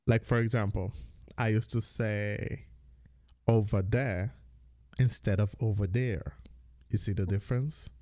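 A man with a Virgin Islands Creole English accent co-hosts a casual podcast. He speaks at an ordinary middle pitch, often stopping and restarting his thoughts. The recording is dry and close to the mic, with no room sound. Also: darkish tone, no room sound. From St. Croix, US Virgin Islands. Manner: halting, many restarts and fillers. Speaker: podcast co-host.

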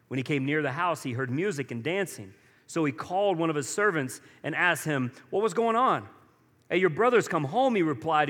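A man's voice: a little high, fairly bright tone, big-room sound. A man preaching a sermon as pastor, talking conversationally and acting out quoted lines with rising energy.

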